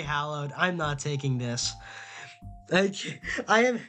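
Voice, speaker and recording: A man's voice: on the high side, animated, slow, a bit bright, faint music behind. A young man streaming casually, reading quiz questions aloud and answering them in a rambling, flustered way, often stammering and repeating himself.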